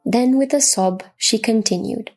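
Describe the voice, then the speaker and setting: Slow, husky woman narrating a children's story. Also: fairly high pitch, faint music behind. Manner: slow, expressive reverent storytelling.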